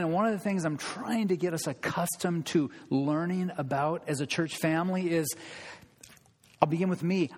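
A man's voice: a little high, normal speed, a little mellow. A man preaching a sermon in a church, emphatic and impassioned, building his points with repetition and rhetorical questions. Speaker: pastor. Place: church sanctuary. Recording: long reverb of a large hall.

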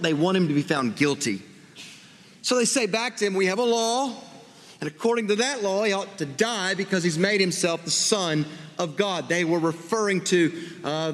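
A man's voice: on the high side, a bit bright. A man preaching a sermon as pastor, earnest and full of rhetorical questions. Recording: long hall reverb.

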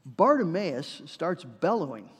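Male pastor, high-pitched sermon voice, earnest storyteller, reverberant church hall. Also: big pitch swings, slow, breathy edge. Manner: earnest storytelling with acted-out quotes.

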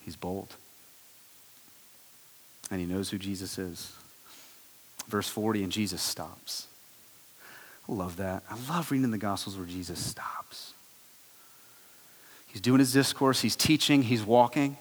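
A man preaching a sermon, telling the story with animated swings between loud exclaiming and hushed low tones. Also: normal speed, long pauses. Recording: long hall reverb.

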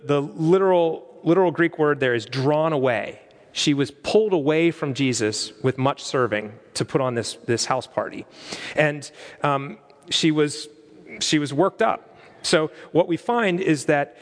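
A pastor preaches with animated energy, restarting phrases as he builds his points. His man's voice sits fairly high, and it rings through a church sanctuary with a long reverb tail. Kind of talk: sermon.

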